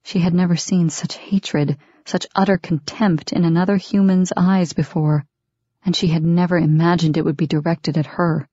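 A woman reading an audiobook in steady, measured scripted narration. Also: fairly low pitch, slightly rough, no echo. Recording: dry, dull lo-fi recording.

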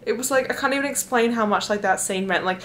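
A young woman vlogging about books she is reading, chatting casually and gushing, with "like" in nearly every phrase, swinging from hushed to excited. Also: fairly high pitch, quick pace, a little hiss or hum. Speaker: book vlogger. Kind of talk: casual chat.

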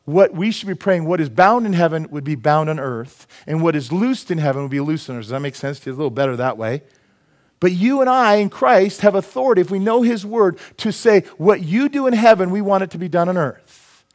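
A man with a notably high speaking voice delivers a sermon from the pulpit. He is animated, dropping into low confiding asides and then bursting out in loud exclamations and acted-out voices. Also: a little fast. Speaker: pastor.

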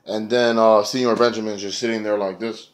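A man's voice: fairly low pitch, little pitch movement, brisk. A man feeling sick and snotty, giving a casual, profane, rambling review of a wrestling show, with lots of filler words. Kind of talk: casual spoken review vlog.

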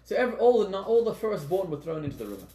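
Man, rabbi giving a lecture, earnest and emphatic, voice on the high side, recorded in a reverberant room. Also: very animated, very fast, mellow. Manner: earnest, repeats words for emphasis. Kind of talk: lecture on Jewish teachings. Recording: echoey room.

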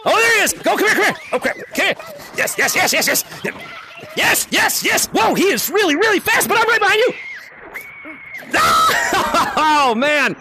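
Male VR streamer, very high and lively, shouty and hyped, laughs a lot, headset mic at home. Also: brisk, vocal fry, background noise. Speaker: VR game streamer and lobby host. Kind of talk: excited live gameplay commentary. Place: at home playing in VR.

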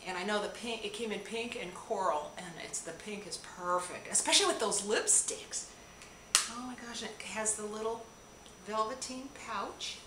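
In a mid-range voice at normal speed, a beauty vlogger unwraps a gift package on camera, delighted gasps and gushing greeting each item. The tripod camera picks up room echo and audible noise.

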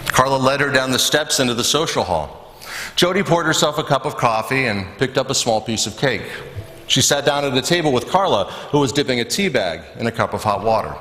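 A man's voice: mid-range voice, fairly quick. A male preacher telling a sermon as a story, recorded in a church with echo. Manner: storytelling, animated. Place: church sanctuary. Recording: echoey church with long reverb.

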